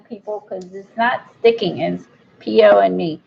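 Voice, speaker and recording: A woman's voice: medium pitch, normal speed, gravelly, slight background noise. A woman chatting casually while she crafts, blunt and rambling, with an admittedly impatient streak. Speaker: crafter vlogger. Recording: dull lo-fi recording.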